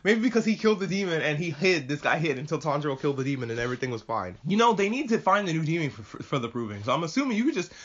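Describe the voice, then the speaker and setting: A man chatting casually and excitedly as a podcast host reviewing an anime, swearing freely and rambling. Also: fairly high pitch, racing, hardly any pauses. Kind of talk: casual chat. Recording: muffled lo-fi audio.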